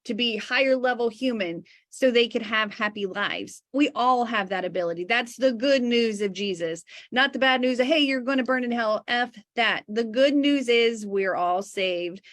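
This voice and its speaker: Fervent woman preaching, fairly high. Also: normal speed, hardly any pauses, a bit bright, dry recording, clean studio sound. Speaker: co-host. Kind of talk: spiritual teaching.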